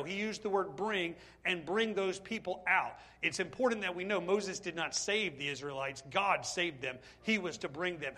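A man preaching a sermon, animated and full of questions to the congregation. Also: high voice, normal speed, hardly any pauses. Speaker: pastor.

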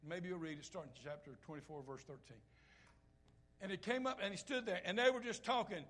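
Man, high voice, preaching, swings from hushed to loud, impassioned, conversational. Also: fairly quick. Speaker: pastor. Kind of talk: sermon.

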